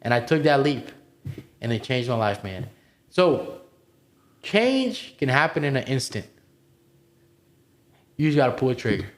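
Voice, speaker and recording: A man's voice: mid-range voice, very animated, unhurried, pauses often. A man who came to the United States as an immigrant kid tells his own story as a podcast cohost, in an emphatic, motivational way, swearing and calling listeners "bro.". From immigrated to the United States as a child. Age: adult, past twenty-one. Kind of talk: candid personal story on a podcast.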